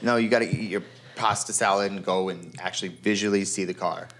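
A man in casual chat, joking and excitable, his voice jumping up high. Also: brisk.

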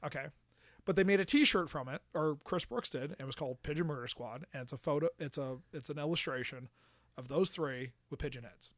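A man casually telling a story on a podcast, animated and swearing, acting out quotes. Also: on the high side, brisk, dry recording.

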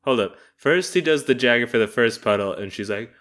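A man's voice: medium pitch, expressive, brisk, fairly bright tone. A man improvising a comedy bit with friends, swearing freely and acting out scenes.

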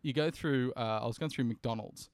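A young Australian man co-hosting a podcast, telling an animated anecdote and acting out the other people in it. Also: medium pitch, normal speed, smooth, dry recording, clean studio sound. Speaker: podcast co-host. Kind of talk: casual chat.

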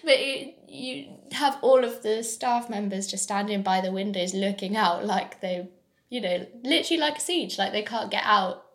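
A woman's voice: medium pitch, normal speed. A woman co-hosting a podcast, telling stories in a chatty way, laughing often and swearing now and then. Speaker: podcast co-host. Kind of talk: casual chat.

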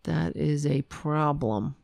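A woman's voice: low voice, slow pace, vocal fry, a little mellow, no echo. A middle-aged woman hosting a casual livestream, ranting bluntly and chatting with her viewers and her cats. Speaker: livestream host. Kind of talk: casual political livestream chat.

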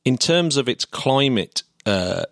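A man's voice: medium pitch, very animated, takes it slowly, gravelly, fairly bright tone, dry recording, studio quality. A man co-hosting a casual podcast, chatty and eager, often laughing as he explains things. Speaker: podcast co-host.

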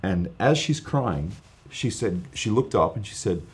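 A man, a guest preacher, telling an earnest, animated testimony story in casual podcast chat, with lots of fillers. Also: lowish voice, measured pace.

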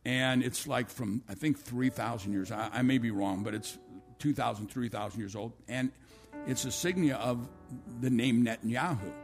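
A man's voice: medium pitch, moderate pace, faint music behind. A male pastor preaching a sermon to his church, telling a long story with many restarts and asides.

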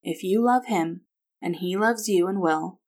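A woman voicing a caring grandmother who speaks softly and reassuringly. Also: lowish voice, unhurried. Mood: gentle. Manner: soft-spoken, reassuring.

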